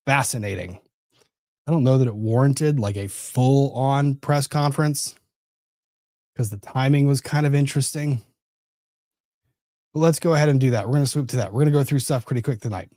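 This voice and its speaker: A man's voice: medium pitch, a little mellow, no echo, clean studio sound. A man hosting a casual legal commentary livestream, rambling and easily sidetracked. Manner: rambling, easily distracted, self-interrupting. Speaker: livestream host.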